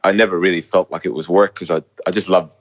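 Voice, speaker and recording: A man with a low voice talks quickly as an interview guest, candid and often tripping over his words. He sounds middle-aged. The audio is somewhat dull and lo-fi. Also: steady tone. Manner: fast, stumbling, candid. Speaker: guest, company founder. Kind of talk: casual interview.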